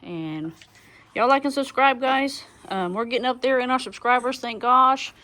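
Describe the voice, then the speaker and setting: A woman's voice: high voice, moderate pace, pushed and bright. A woman, a homesteading vlogger chatting casually and straight to her viewers in a folksy way. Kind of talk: casual vlog chat. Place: homestead barn or coop.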